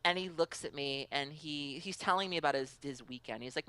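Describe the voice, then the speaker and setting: A woman guest on a podcast telling stories in casual chat, animated and acting out other people's voices. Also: rumbling low, normal speed, few pauses, clear, resonant tone, dry recording.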